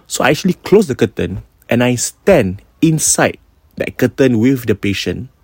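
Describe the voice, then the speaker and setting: A man with a Singaporean accent retelling ghost stories casually as a podcast host, animated and mixing in Malay phrases. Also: mid-range voice, moderate pace, slightly rough, no echo.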